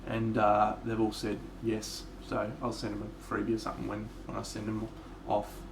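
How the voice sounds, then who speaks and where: A man's voice: lowish voice, completely flat delivery, moderate pace, creaky, noisy background. A man with an Australian accent, chatting casually and swearing freely while streaming his miniature painting live. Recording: echoey room.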